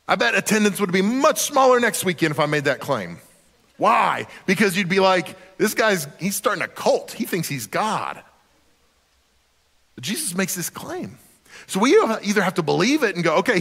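A man's voice: high voice, a bit bright, in a large hall. A man, a pastor, preaching a sermon in a conversational, emphatic way with casual asides.

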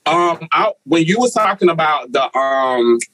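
A man's voice: a little high, expressive, unhurried, pushed and bright, no room sound, poor audio. Rambling, profane male co-host, dry sound. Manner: rambling, profane, filler-heavy. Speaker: podcast co-host. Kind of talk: casual chat.

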